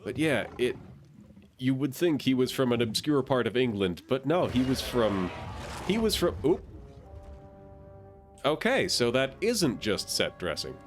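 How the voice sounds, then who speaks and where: A man's voice: mid-range voice, very animated, measured pace, long pauses, faint music behind. A male streamer giving casual, chatty gameplay commentary, musing and wry as he plays.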